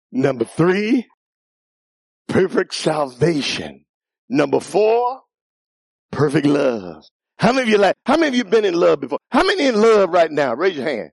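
Preacher, male, sermon style, call-and-response, playful asides then shouted peaks; gravelly voice, dry close recording. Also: a little high, big pitch swings, unhurried, dry recording. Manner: playful teasing asides with laughter. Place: church.

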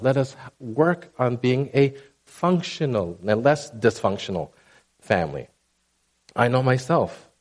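Animated man preaching conversationally. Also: medium pitch. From Asian background. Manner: conversational, animated, checks in with "right?" and "okay?". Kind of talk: sermon.

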